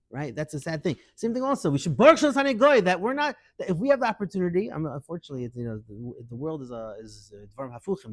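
A middle-aged man teaching a lively Torah class, acting out quoted voices and mixing Hebrew into English. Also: on the high side, no echo.

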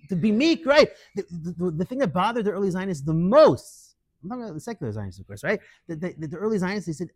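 A middle-aged man teaching a lively Torah class, acting out quoted voices and mixing Hebrew into English. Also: sits high, quick pace, dry recording.

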